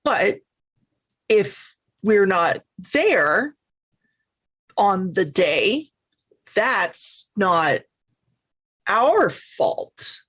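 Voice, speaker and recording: Slow-talking hesitant woman player. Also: medium pitch, very animated, fairly bright tone, husky. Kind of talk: tabletop role-play.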